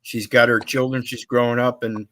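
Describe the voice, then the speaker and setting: A man hosting a casual chat, rambling and hesitant, often trailing off quietly. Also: medium pitch, flat delivery, moderate pace.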